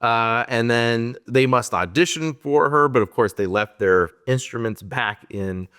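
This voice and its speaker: A man's voice: mid-range voice, unhurried, a bit bright, smooth. Man animatedly retelling a movie's plot. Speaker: podcast host. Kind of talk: casual movie-review chat.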